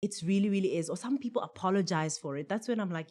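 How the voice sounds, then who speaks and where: A woman's voice: mid-range voice, fast talker. A woman with a South African English accent, talking emphatically on a discussion panel and acting out quoted feelings. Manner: lively, emphatic, acts out quotes. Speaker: panel expert.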